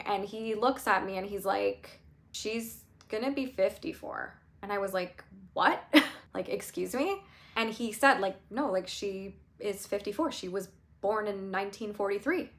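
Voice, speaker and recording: A woman's voice: medium pitch, creaky, a bit bright. A woman in her thirties, a life coach, telling a personal story in a candid, chatty way with lots of filler words and wry laughs. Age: 30s. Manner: wry, laughs through painful memories. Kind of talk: casual storytelling monologue.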